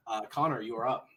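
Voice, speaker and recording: A man narrating a tabletop game as game master, animated and laughing often as he describes the action. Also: medium pitch, a little hiss or hum.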